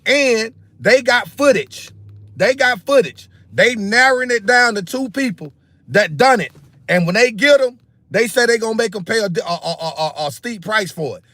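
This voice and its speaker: A man's voice: sits high, lively intonation, normal speed, sharp tone, dry recording. A man, hosting a political commentary livestream. He rants heatedly, repeats himself, and keeps calling his viewers "bro" and "man.". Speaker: political commentary channel host.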